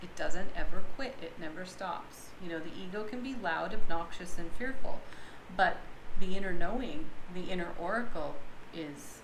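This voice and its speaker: A woman giving a daily tarot reading to viewers, with soft, drawn-out affirmations and breathy little laughs. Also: fairly low pitch. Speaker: tarot card reader. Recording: echoey room with clear background noise.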